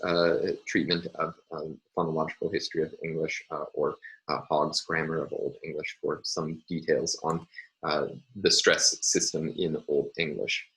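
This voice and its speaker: A man's voice: deep voice, fairly bright tone, rough recording. A man giving a recorded university linguistics lecture, explaining carefully with many ums and uhs.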